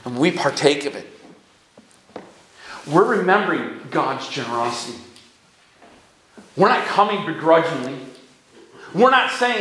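Man, pastor, sermon, high voice, earnest with emphatic rises, echoey church hall. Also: big pitch swings, unhurried, pauses often. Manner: swings between quiet earnest tones and high emphatic rises. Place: church sanctuary.

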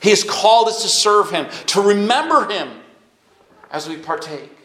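A man preaching a sermon as pastor, moving between quiet earnest stretches and high, emphatic rises. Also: animated, moderate pace. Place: church sanctuary. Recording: echoey church hall.

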